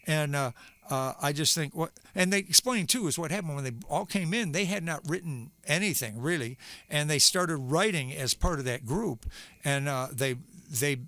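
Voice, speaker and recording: A man with a high, bright voice talks to his live-stream viewers between songs. He rambles from story to story and often stops to search for the right word. He sounds like a singer-songwriter chatting casually in his home studio. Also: animated, moderate pace. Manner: rambling, searching for words with many fillers.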